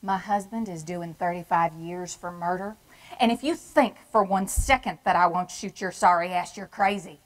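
A woman's voice: lowish voice, normal speed, close to an everyday voice, poor audio. A woman with a Texan accent playing a brash, folksy wife of a prisoner in a stage monologue. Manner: brassy, folksy, drawling. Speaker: performer. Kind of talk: theatrical monologue.

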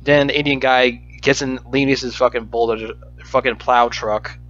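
A man's voice: medium pitch, steady tone, normal speed, fairly bright tone, slight background noise. A man giving a profane, exasperated movie review rant, full of stammered restarts. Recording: dull lo-fi recording with faint music.

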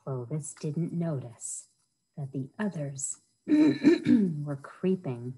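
A woman's voice: deep voice, extremely slow, slightly rough, poor audio. A woman reading a picture book aloud to children at a library storytime, often asking her listeners questions. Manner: animated, asks the listeners questions.

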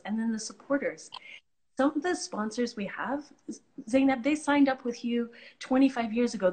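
A woman's voice: medium pitch, darkish tone. A woman host with a mid-range voice talks earnestly in a conversational interview. She tells stories appreciatively and often restarts her sentences as she speaks. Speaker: host, charity leader.

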